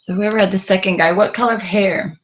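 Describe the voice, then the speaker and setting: A woman's voice: medium pitch, steady tone, quick pace, dull audio. A woman teaching a Spanish class, patiently going over exercises and prompting students with questions, with a lot of fillers.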